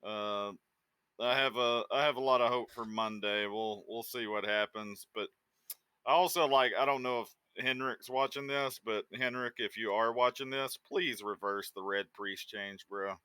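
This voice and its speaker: A man co-hosts a casual chat about an online game in a laid-back way. He calls people dude and bro. His voice is bright and clear, recorded dry and close. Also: medium pitch, steady tone, moderate pace, no echo.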